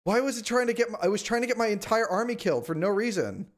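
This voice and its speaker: A man streaming a strategy game, complaining in exasperated, whiny outbursts and sometimes shouting at the screen. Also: sits high, expressive, quick pace. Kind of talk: live gameplay commentary.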